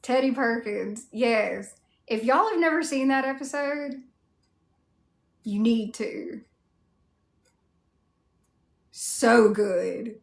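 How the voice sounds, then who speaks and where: A Southern US woman rambles through a relaxed livestream chat, answering her viewers one comment at a time with a steady stream of "like" fillers. Her voice has a gravelly fry to it. The sound carries a roomy echo. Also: a little high, slow.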